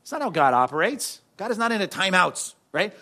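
A man preaching a sermon in a conversational way, with frequent asides to the congregation and sudden shifts from loud to soft. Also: high-pitched, very animated, fairly quick. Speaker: pastor.

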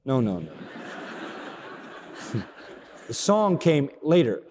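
A man preaching a sermon, expressive, asking rhetorical questions and acting out dialogue. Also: medium pitch, very slow, a little hiss or hum. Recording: long reverb of a large hall.

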